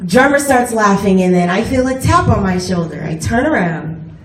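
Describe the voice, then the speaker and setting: On stage at a live music venue, a woman bass player tells the concert audience a story, laughing often, with lively intonation at normal speed. The recording is distant and echoey, with the crowd audible behind her.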